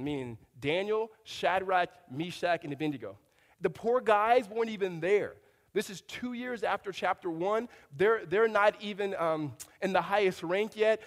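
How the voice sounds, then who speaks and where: Pastor, male, higher register, relaxed conversational preaching with jokes; reverberant hall. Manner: conversational preaching with humorous asides. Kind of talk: sermon.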